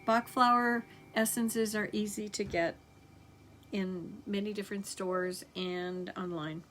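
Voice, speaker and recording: A woman teaching energy healing, slowly reading out affirmations in a gentle, unhurried way with many pauses. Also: medium pitch, fairly even intonation, noisy background. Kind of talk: slow guided healing affirmations.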